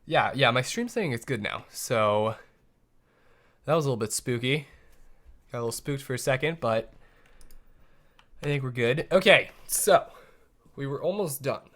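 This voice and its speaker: Young male streamer, mid-pitched, rambling playful self-talk over live gameplay, home desk mic. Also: animated, moderate pace, long pauses, a bit bright.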